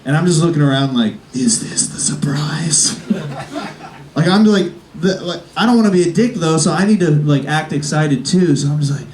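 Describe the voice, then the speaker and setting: Man doing a stand-up warm-up set. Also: on the high side, fast talker, few pauses, distant mic, a little hiss or hum. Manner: hesitant, filler-heavy delivery with self-aware jokes. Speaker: stand-up comedian warming up the crowd. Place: comedy club stage before a live audience. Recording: roomy live club sound from off-mic.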